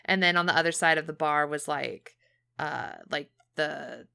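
Bright, smooth-voiced young woman chatting. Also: low-pitched, moderate pace. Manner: chatty storytelling, many fillers, acts out quotes. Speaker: podcast co-host. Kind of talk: casual chat.

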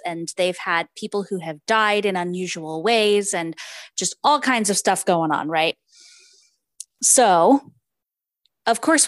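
A woman's voice: mid-range voice, no echo. A woman co-hosting a book podcast, chatting casually, recapping the plot and reading passages from a novel aloud. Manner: apologizes for her Spanish pronunciation. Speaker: podcast co-host.

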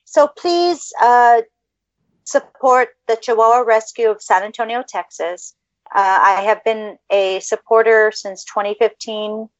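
A woman with a high voice hosts a casual podcast chat, gushing and effusive. Her sound is dull and lo-fi, with a dry, close feel. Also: a little slow, no echo. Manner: gushing, effusive baby talk to pets. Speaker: podcast host.

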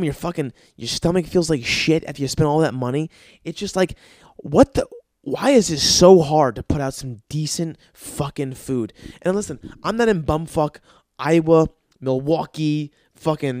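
A man's voice: fairly high pitch, moderate pace, a little mellow, no echo, studio quality. Foul-mouthed man ranting sarcastically. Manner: swears constantly, mocks with sarcastic quoted voices. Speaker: podcast host. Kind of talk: profane comedic rant. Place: Los Angeles.

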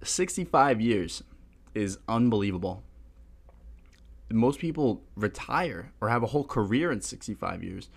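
A man's voice: on the low side, lively intonation, measured pace, gravelly. A young man hosting a podcast, rambling casually and laughing at himself. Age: young adult. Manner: rambling, self-deprecating, laughs often. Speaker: podcast host.

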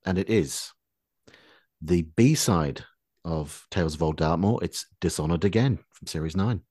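A podcast host with a very deep voice, recorded dry and close. He speaks in a measured way, pausing on fillers as he explains. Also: darkish tone, slightly rough, dry recording. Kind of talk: casual chat.

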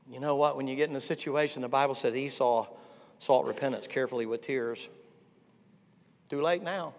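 An older man preaching a sermon, dropping to hushed asides and then rising to fervent shouts. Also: medium pitch, fairly even intonation, fairly quick. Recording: long reverb of a large hall.

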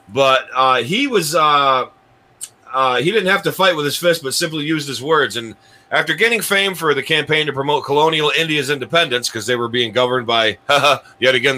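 A man's voice: medium pitch, pushed and bright, poor audio. A man hosting a comedy countdown show, rambling with restarts and chuckling at his own jokes. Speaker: host.

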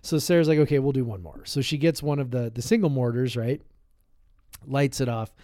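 A man's voice: mid-range voice, fairly quick, mellow, no room sound, studio quality. Chatty man telling a rambling story. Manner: rambling storyteller, lots of "like" and restarts. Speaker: podcast co-host. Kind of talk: casual chat. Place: podcast room, shared with co-host.

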